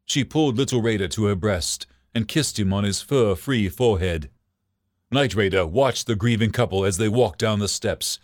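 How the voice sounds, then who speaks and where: A man reading a story aloud as narrator, with expressive delivery. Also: on the low side, normal speed, no echo, clean studio sound.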